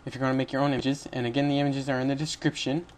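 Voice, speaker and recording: A man's voice: mid-range voice, flat delivery, very fast. A young man hosting a casual screen-recorded coding tutorial, rambling and correcting himself as he goes. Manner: rambling, self-correcting, chatty with little laughs. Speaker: tutorial host.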